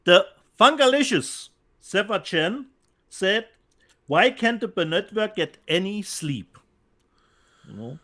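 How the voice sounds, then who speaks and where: A German-accented man co-hosts a relaxed show from home, reading out viewer comments. His voice sits fairly high and swings up and down a lot. He often stalls and repeats words while hunting for the right phrase. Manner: halting, repeats words while searching for them. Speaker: co-host. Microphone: remote call from home.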